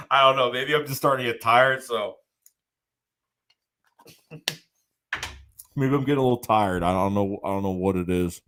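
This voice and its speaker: A man's voice: mid-range voice, unhurried, long pauses, a bit bright. A man hosting a late-night sports livestream, ranting about his team and reading viewer chats aloud in a casual way. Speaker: livestream host.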